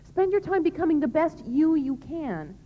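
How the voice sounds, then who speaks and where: With a high voice, big pitch swings and a normal speed, a woman delivers an emphatic, earnest, plain-spoken religious talk about chastity to a young audience. The recording is dull and lo-fi, made in a reverberant hall.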